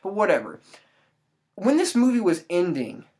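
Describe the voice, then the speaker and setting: A woman's voice: medium pitch, huge pitch swings, normal speed, darkish tone. A woman giving a casual spoken movie review, ranting in exasperation with exclamatory asides.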